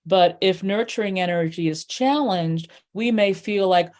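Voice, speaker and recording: A woman's voice: mid-range voice, measured pace, hardly any pauses, a little mellow. A middle-aged woman teaching a numerology workshop in a chatty way, full of fillers and playful acted-out asides. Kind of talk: workshop lesson.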